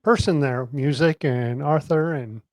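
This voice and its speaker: Halting male podcast host, dry sound. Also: fairly high pitch, a little mellow, no echo. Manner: halting, searches for words. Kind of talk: casual interview chat.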